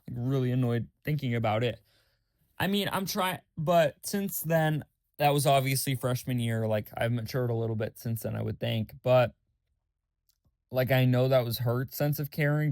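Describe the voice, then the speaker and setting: A man's voice: no room sound, studio quality. A young man hosting his own podcast, rambling candidly in a casual journal-style monologue with lots of fillers and swearing. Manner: mimics others in a high mocking voice. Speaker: podcast host.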